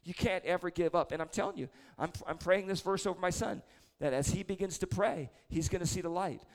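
Man in his 40s, gravelly lead pastor type, slightly high voice, chatty story-driven sermon with self-deprecating humor. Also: brisk. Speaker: prayer leader preaching. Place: church service before a congregation.

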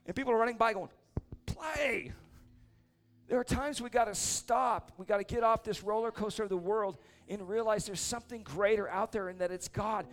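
A man preaching casually, telling a lively story and then praying over people in a church or meeting hall. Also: high-pitched, brisk, hardly any pauses. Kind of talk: sermon with story and prayer.

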